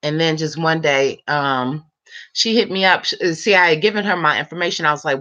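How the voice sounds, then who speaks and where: A woman of about fifty chatting late at night, telling a long story time in an animated, rambling way with lots of fillers. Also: deep voice, moderate pace, dull audio. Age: 50s. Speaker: vlogger.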